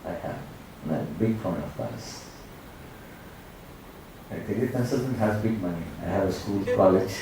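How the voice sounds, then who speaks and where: A man from India giving a motivational speech to students in an auditorium and telling stories in an animated way. He keeps calling the crowd "my dear friends". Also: lowish voice, moderate pace, long pauses. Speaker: guest speaker. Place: large auditorium. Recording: echoey hall, mic at a distance, faint noise.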